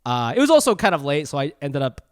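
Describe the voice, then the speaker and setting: Animated young man rambling on a podcast. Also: on the high side, quick pace, dry recording, clean studio sound. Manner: animated, laughs often, rambling storytelling. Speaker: podcast co-host. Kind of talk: casual podcast chat.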